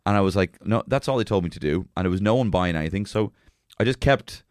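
A young Irish man co-hosting a podcast, telling rambling comedic stories full of swearing and bursts of shouted impressions. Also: lowish voice, expressive, quick pace, no echo, studio quality. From Ireland. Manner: rambling, swears freely, jumps into shouted character voices. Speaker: podcast co-host. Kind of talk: casual comedic chat.

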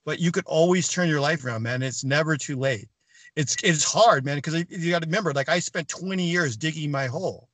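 Brief: middle-aged man, guest storyteller, bright forceful voice, dry close sound, a bit high. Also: a little fast, no room sound. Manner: animated, acts out quoted dialogue, swears freely. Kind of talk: casual storytelling.

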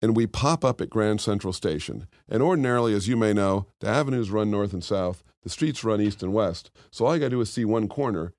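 A man's voice: lowish voice, lively intonation, fairly quick, hardly any pauses, a little mellow, dry recording, studio quality. A middle-aged man co-hosting a podcast in casual chat, a rambling storyteller who drifts off on tangents. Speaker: podcast co-host.

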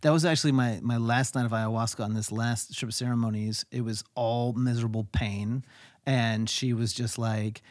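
A man's voice: medium pitch, steady tone, moderate pace, dry recording, clean studio sound. A man who is a guest on a podcast, talking candidly and with animation, swearing casually as he tells personal stories. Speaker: podcast guest, tech company founder. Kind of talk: candid conversational storytelling.

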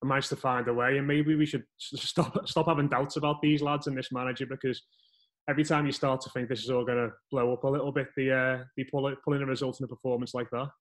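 A man's voice: medium pitch, level tone, fast talker. Guy hosting a footy podcast on a call, upbeat chatty, mid voice. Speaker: podcast host. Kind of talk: casual football podcast chat.

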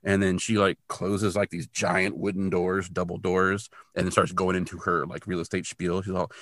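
A man's voice: low-pitched, level tone, moderate pace, hardly any pauses, fairly bright tone, dry recording, studio quality. A man co-hosting a podcast, recapping an episode in a chatty, self-deprecating way with lots of fillers. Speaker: podcast co-host.

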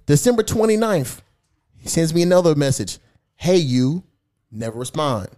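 Animated profane man telling a story. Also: fairly high pitch, normal speed. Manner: profane storytelling, reads text messages aloud; animated, mocking. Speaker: podcast host. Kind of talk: casual podcast chat.

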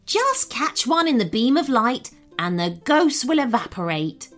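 A smug little magic mouse barks and snaps his orders in a storybook tale, as a woman puts him on. The voice sits a touch high and swings widely in pitch. Soft music plays faintly behind. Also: very animated. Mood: snappy. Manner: snappish, brisk, commanding.

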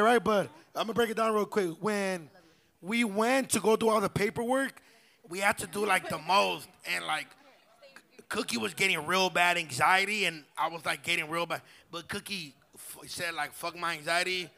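High gravelly guy telling stories. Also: normal speed, bright, forceful tone. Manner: slangy, profane, rambling. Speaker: podcast co-host. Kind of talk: storytelling on a live stage. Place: live pop-up show venue.

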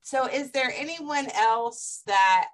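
A woman's voice: sits high, slow. A woman hosting a casual podcast, giggly and easygoing as she asks questions. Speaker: podcast host. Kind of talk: casual chat.

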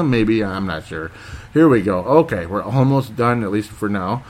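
A man's voice: fairly low pitch, expressive, normal speed, a little hiss or hum. A man hosting a casual sports talk show, reading listener comments and chatting in a rambling, hesitant way with lots of fillers. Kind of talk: casual chat.

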